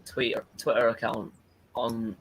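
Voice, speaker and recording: A man co-hosting a stream in casual chat, halting and restarting often. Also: medium pitch, little pitch movement, a little hiss or hum, low-quality recording.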